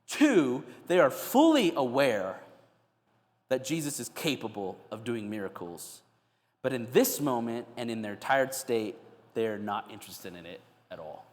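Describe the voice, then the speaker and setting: A male pastor preaching a sermon, telling the story with animated, acted-out scenes. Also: mid-range voice, a little slow. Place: church. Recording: echoey church hall.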